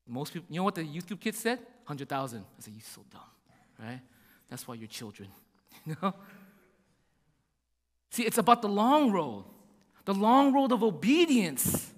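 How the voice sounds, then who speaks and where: A man preaching a sermon, animated and full of rhetorical questions, acting out little voices as he goes. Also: sits high, moderate pace, pauses often, long reverb tail. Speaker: pastor.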